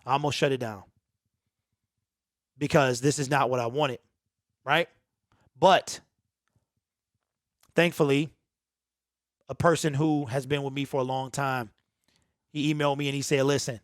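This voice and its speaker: A man's voice: mid-range voice, fairly even intonation, moderate pace, long pauses, no echo, clean studio sound. A man hosting his own sports channel, speaking in a raw, unedited, emphatic and emotional monologue to his viewers. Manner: emphatic, repetitive, earnest and emotional. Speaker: host of a sports talk channel.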